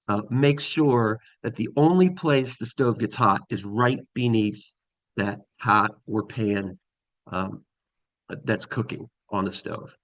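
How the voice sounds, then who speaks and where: A man's voice: medium pitch, fairly bright tone, no room sound. A middle-aged man giving a casual conference talk from slides, with many ums and restarts. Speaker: conference presenter.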